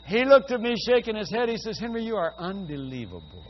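A man's voice: sits high, a little fast, few pauses. Older preacher man, fervent storytelling sermon. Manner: animated storyteller, rising to loud fervent exclamations. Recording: dull lo-fi audio with faint hum.

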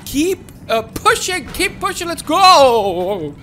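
A woman commentating her own gameplay, excitable and giggly, often talking to viewers. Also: high voice, takes it slowly, faint music behind. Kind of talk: playful game commentary.

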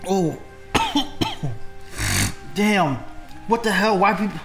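A man's voice: high-pitched, big pitch swings, drawn-out words, a bit bright, faint music behind. A man vlogging a spicy food challenge in a casual way, groaning and exclaiming between bites. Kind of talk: casual mukbang vlog.

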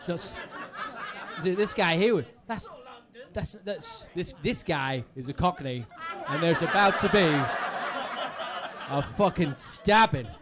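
A man doing stand-up crowd work on a comedy club stage, rowdy and sweary, building up to shouts. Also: high-pitched, animated, slow pace, long pauses, background noise.

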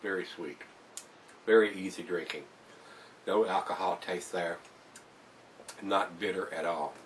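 A man's voice: low voice, fairly even intonation, a little slow, far from the mic, slight background noise. A man giving a casual, folksy beer review to camera, chatting to viewers as guys. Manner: folksy, laid-back, keeps calling viewers "guys".

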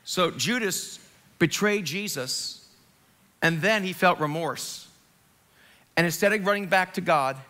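A middle-aged male pastor giving a sermon, telling the story in a lively, joking way with dramatic retellings. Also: fairly high pitch. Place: church sanctuary.

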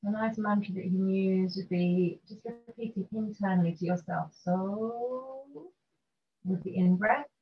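A woman teaching a restorative yoga session, guiding gently and calmly through poses and breathing. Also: medium pitch. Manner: gentle, slow and soothing guidance. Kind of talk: guided restorative yoga instruction. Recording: dull lo-fi recording with faint noise.

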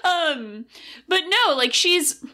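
A woman's voice: very high-pitched, expressive, slow pace, bright, forceful tone. A woman co-hosting a podcast, chatting casually about an anime episode and laughing often. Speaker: podcast co-host. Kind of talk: casual chat.

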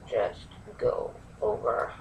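A woman giving a slow step-by-step craft tutorial, sometimes dropping to a near-whisper. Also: darkish tone. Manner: slow, instructive, drops to near-whisper at times. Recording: distant mic, faint room noise.

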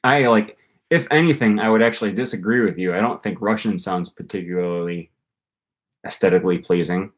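Young male host, slightly low voice, loose rambling livestream chat, thinks out loud. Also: a little fast. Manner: rambling, thinking aloud with many fillers. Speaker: language-learning channel host. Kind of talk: casual livestream talk answering comments.

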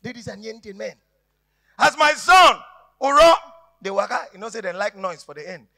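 Nigerian stand-up comic, male, lively high voice with gravel, theatrical delivery that drops to murmurs. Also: moderate pace. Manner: dramatic, swinging from shouts to hushed murmurs. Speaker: stand-up comedian. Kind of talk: stand-up storytelling in Pidgin.

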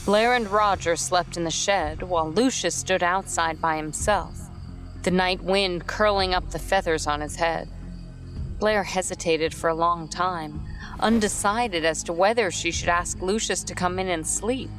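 Low-voiced woman narrating a story. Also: measured pace, a bit bright, faint music behind. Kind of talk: scripted narration.

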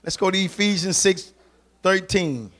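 A man's voice: high voice, measured pace, fairly bright tone. A man preaching a sermon, urging the congregation on in a fervent, colloquial way and repeating phrases for emphasis.

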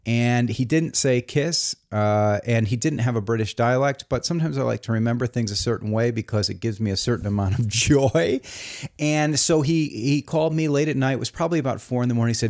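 A man's voice: mid-range voice, a little fast, a little mellow. A man hosting a satirical comedy review show, talking in a mock-earnest, rambling way. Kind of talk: deadpan satirical monologue.

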